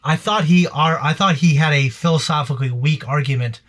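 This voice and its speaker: A man's voice: a little high, brisk, a bit bright. A man hosting a casual post-episode reaction discussion, rambling with frequent restarts and casual swearing. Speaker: reaction channel host.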